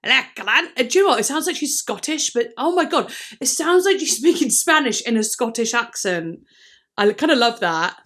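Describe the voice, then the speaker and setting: A young woman with a slightly high voice hosts a music reaction, speaking in a loose, unscripted way. She is candid and swears freely. She thinks out loud and her sentences trail through fillers and restarts. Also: lively intonation, moderate pace. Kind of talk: casual reaction commentary.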